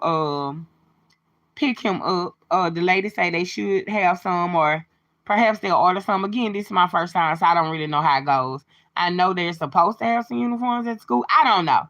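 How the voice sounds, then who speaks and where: A woman's voice: lowish voice, a bit bright. A woman talking casually to her livestream viewers, chatty and open, sharing a personal testimony. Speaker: livestream host.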